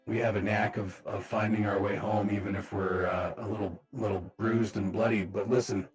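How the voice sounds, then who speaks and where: A low-voiced man at a tabletop game, speaking in character. He sounds easygoing and dry-humored, even when he talks about fighting. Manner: easygoing, wry. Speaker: player. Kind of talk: in-character roleplay.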